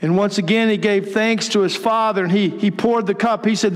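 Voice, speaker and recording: A man preaching a sermon as pastor, earnest and measured. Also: sits high. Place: church sanctuary. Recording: long reverb in a large hall.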